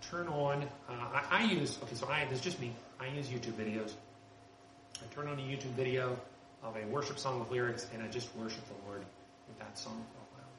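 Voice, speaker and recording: A man preaching a sermon as a pastor, earnest and conversational, lifting his voice to stress key points. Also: medium pitch. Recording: roomy with background noise.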